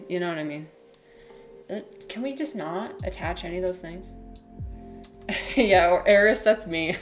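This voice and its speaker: Lively, swearing woman streamer. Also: lowish voice, a little slow, soft background music. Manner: animated, swears freely, laughs often, many fillers. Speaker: livestreamer reading chat. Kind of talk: casual livestream chat.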